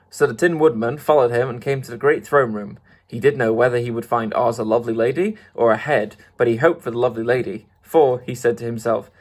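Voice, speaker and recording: A man reading a classic storybook aloud in a steady way, with small restarts. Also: mid-range voice, fast talker, hardly any pauses. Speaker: audiobook reader.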